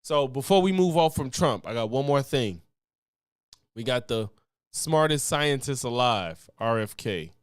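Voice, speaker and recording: A man streaming commentary on news clips, ranting in a profane, animated way and laughing between points. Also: mid-range voice, a little slow, clean tone, no echo, clean studio sound.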